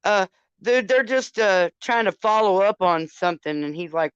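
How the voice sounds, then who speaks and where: A woman's voice: medium pitch, animated, moderate pace, smooth, no room sound. Older woman, livestream storyteller, cursing, chatty, dry muffled sound. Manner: profane, chatty, addresses viewers directly. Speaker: livestream host. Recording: dull lo-fi sound.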